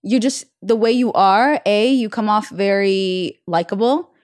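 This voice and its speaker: A woman's voice: mid-range voice, unhurried, darkish tone. Woman hosting a podcast, english not her first language, earnest n analytical, talks kinda carefully. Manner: earnest, analytical, some restarts. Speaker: podcast host. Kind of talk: casual podcast interview.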